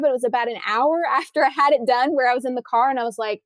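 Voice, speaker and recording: This woman speaks with a fairly high voice and plenty of enthusiasm. She explains as a guest on a podcast, restarting sentences as she goes. The sound is dry and close. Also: racing, no room sound. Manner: enthusiastic, animated storytelling with many restarts. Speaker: guest, corrective exercise trainer. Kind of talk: casual podcast interview.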